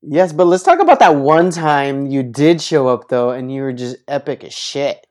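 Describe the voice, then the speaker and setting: A man's voice: mid-range voice, expressive, moderate pace, darkish tone. A man hosting a casual podcast, teasing his friend and swearing freely as he drives the story. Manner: teasing, profane, pushes friend to tell the story. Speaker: podcast host. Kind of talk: casual chat.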